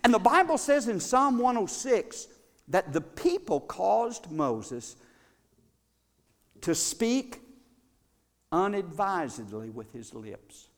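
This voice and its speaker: A man preaching a sermon as pastor, swinging between loud bursts and quiet asides. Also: high voice, very animated, slow, pauses often. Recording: long reverb of a large hall.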